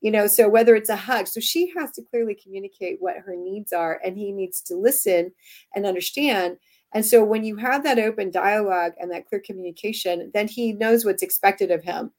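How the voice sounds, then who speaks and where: Guest author, woman, conversational and animated, acts out the dialogue in her stories, mid-range voice. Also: medium pitch, brisk. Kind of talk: conversational interview.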